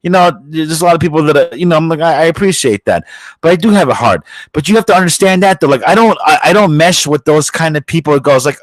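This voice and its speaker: Here a man hosting a podcast delivers profane, aggressive ranting commentary, mocking his targets. He speaks quickly in a fairly high voice, and the audio is poor but free of echo.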